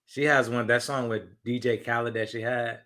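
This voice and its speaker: Bright-voiced male interview host. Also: mid-range voice, level tone, moderate pace. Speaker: podcast host. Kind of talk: casual interview.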